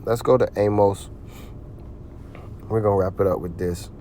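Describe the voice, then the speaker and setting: A man's voice: on the low side, steady tone, moderate pace, warm tone, a little hiss or hum. A man giving heated religious commentary, ranting in a profane, preachy way.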